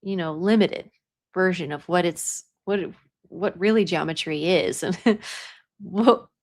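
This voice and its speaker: A young adult woman who works as a psychic medium talks casually about spiritual matters in an unhurried, lowish voice. She's chatty and laughs often, sometimes dropping to a whisper while telling a story.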